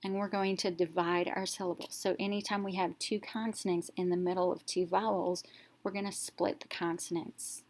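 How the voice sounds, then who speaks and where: A woman teacher narrating a reading lesson, explaining step by step and sounding out letters clearly. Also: on the low side, little pitch movement, normal speed.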